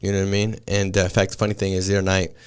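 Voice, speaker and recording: A man's voice: low voice, completely flat delivery, rapid-fire, clear, resonant tone. A man in his thirties hosting a casual podcast chat, laid-back and calling his guest dude and man. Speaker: podcast host.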